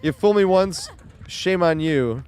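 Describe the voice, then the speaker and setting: A man's voice: a little high, lively intonation, slow, darkish tone, smooth, pitched above the performer's own voice. Man doing a bumbling politician impression. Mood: mock-serious. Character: impression of a fumbling male politician.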